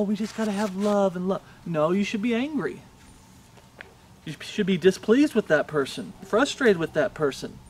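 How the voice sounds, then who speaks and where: High-voiced man preaching a sermon. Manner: impassioned preaching, reads scripture aloud, asks rhetorical questions. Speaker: pastor.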